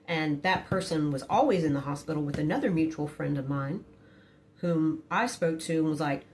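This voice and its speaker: A middle-aged woman telling a personal story in a casual storytime, blunt and profane but quiet, never raising her voice. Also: normal speed, slight background noise. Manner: quiet, low-key delivery.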